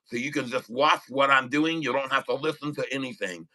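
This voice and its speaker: A man's voice: mid-range voice, fairly quick, sharp tone, rough recording. Lisping man joking on a live stream. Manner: joking, rambling, laughs often. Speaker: day trader livestreaming. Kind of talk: casual live stream chat.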